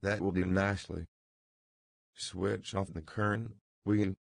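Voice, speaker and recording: A man reading the lines of a jaunty, mocking young man who teases brightly, in a low, slow, gravelly voice. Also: steady tone, no room sound. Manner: brisk, gay, teasing.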